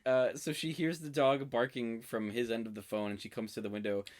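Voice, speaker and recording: A woman's voice: a bass voice, steady tone, fairly quick, darkish tone. A young woman co-hosting a casual recap podcast, retelling the plot with dry jokes. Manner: dry, joking, narrates plot. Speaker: podcast co-host.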